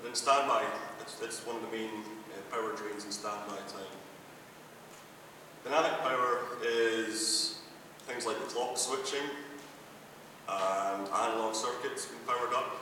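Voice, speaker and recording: A Scottish man with a cold lectures in a slightly low voice, laying out technical points one at a time. He sounds distant in a large, very echoey hall with a long reverb. A steady low rumble sits underneath. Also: unhurried. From Scotland. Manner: methodical, explaining step by step. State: has a cold. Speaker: conference speaker. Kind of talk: technical conference presentation.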